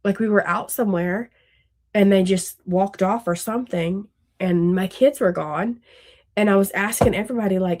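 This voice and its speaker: A woman's voice: medium pitch, normal speed. A woman, a mother of young kids, co-hosting a book podcast in casual chat, rambling and candid, laughing often and swearing freely. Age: adult with young children.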